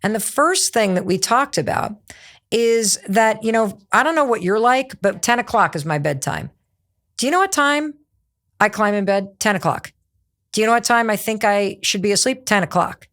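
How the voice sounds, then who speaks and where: Woman podcast host, lively, acts out little quotes, mid pitch. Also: normal speed. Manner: animated, acts out quoted lines. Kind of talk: energetic podcast narration.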